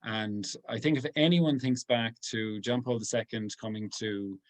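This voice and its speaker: A man, a priest giving an informal talk to a group. He speaks earnestly and softly, pausing often as he thinks aloud. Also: lowish voice. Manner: halting, thinking aloud with many pauses.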